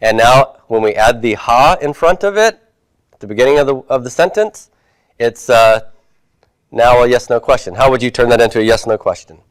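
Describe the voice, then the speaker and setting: A man's voice: medium pitch, moderate pace, clear, resonant tone, no echo. A man teaching a Hebrew class, reviewing homework and patiently asking his students questions before answering them himself.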